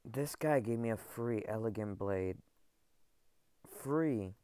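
A man records gameplay commentary in a dry, close-miked sound with no room around his voice. His voice is smooth and clear. He tumbles over his words, stammering and repeating phrases as he talks straight to his viewers. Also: on the low side, takes it slowly, warm tone, no room sound. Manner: overexcited, stammering, repeats himself, addresses viewers as guys. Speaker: gaming video creator.

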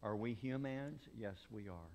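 A male preacher delivering a revival sermon, rising from quiet asides to loud shouted peaks and acting out the people he quotes. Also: unhurried, a little hiss or hum. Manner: animated preaching, swings from low asides to loud shouted climaxes; acts out quoted people in voices. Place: church sanctuary.

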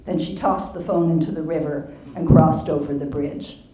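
Woman author reading her novel, low voice, far off in an echoey hall. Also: fairly even intonation, normal speed, background noise.

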